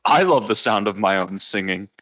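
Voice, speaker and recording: A man with a low, bright voice chats bluntly on a podcast, swearing freely and laughing a lot. The sound is dry and close. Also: expressive, moderate pace, no echo, muffled recording. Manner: blunt, profane, laughs often. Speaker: podcast co-host. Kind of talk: casual chat.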